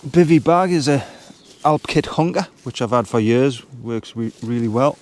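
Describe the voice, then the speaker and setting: Relaxed man chatting outdoors. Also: mid-range voice, normal speed. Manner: relaxed, chatty, rambling with fillers. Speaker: vlogger. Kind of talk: casual outdoor vlog talk. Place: outdoors at a woodland wild camp. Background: birds and woodland ambience.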